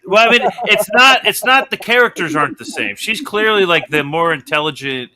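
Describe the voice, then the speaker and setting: Man, podcast host, very bright tense tone, lively pitch, faint background noise. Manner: halting, repeats words while searching for them. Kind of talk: casual chat.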